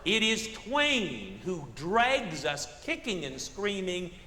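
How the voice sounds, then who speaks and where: A man's voice: high-pitched, sing-song, slow, sharp tone, roomy sound, in a large hall. A man giving a public literature lecture on a theater stage, asking rhetorical questions and tossing in comic asides.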